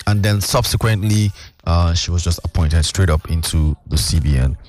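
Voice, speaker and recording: A man's voice: low voice, moderate pace, darkish tone. A man, a guest explaining financial news at length in casual chat, with many fillers. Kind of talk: casual radio-style chat.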